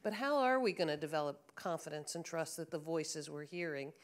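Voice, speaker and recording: A woman's voice: low voice, brisk. A woman from the audience asking a formal, polite question after a lecture. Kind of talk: question from the floor.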